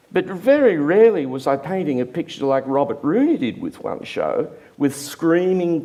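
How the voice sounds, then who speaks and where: An older artist telling a self-deprecating anecdote in a lively, rambling interview manner. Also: male voice, medium pitch. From Australia. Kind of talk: anecdotal storytelling.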